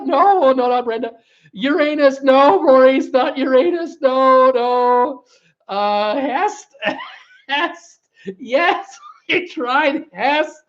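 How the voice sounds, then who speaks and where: A man hosting a live-stream trivia chat who keeps breaking into laughter while reading viewer comments, his voice gone hoarse from laughing. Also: very high voice, highs cut off. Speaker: host of a live cruise news and trivia stream.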